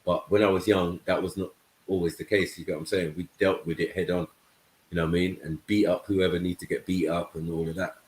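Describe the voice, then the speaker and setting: A man's voice: low voice, level tone, quick pace, a little mellow, a little hiss or hum. A man from England, chatting on a live panel and telling stories about growing up, often checking in with "you know what I mean". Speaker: panel host. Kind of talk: casual panel chat. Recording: echoey room.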